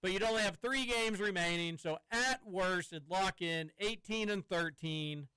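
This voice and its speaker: A man's voice: high-pitched, unhurried, pushed and bright, clear, resonant tone, dry recording, poor audio. A man hosting a sports talk radio show from a studio, talking casually and rambling with some stammering. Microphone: studio microphone.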